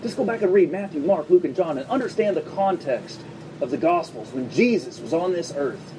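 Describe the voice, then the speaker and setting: A male pastor preaching a sermon to his congregation in a church, speaking in a conversational way with quick asides and humor. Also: a little high, lively intonation, dark tone, distant mic, a little hiss or hum, poor audio. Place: church service before a congregation.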